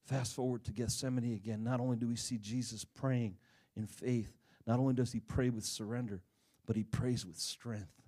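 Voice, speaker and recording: A middle-aged man preaching a sermon, animated, swinging between loud bursts and hushed stretches as he acts out the people in his stories. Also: medium pitch, normal speed, slightly rough. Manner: animated, dramatic swings in volume, acts out quoted voices.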